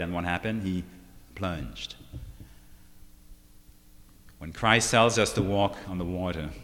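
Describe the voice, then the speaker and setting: A man preaching a sermon, emphatic and unhurried, often asking the listeners rhetorical questions. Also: low-pitched, fairly bright tone. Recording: long hall reverb.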